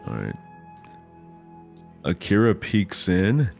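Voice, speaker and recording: A man's voice: deep voice, huge pitch swings, slow pace, creaky, darkish tone, soft background music. A man playing a tabletop role-playing game, hesitant and stammering as he speaks in character. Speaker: player.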